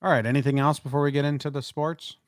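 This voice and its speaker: A man's voice: a little high, fairly even intonation, fast talker, dry recording, studio quality. A man co-hosting a casual podcast chat, rambling and laid-back with lots of fillers. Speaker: podcast co-host.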